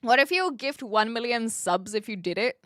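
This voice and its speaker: A woman's voice: fairly high pitch, expressive, moderate pace, a bit bright, no room sound, clean studio sound. A woman from New Zealand chatting casually on a live stream, answering viewers in a playful, self-deprecating way.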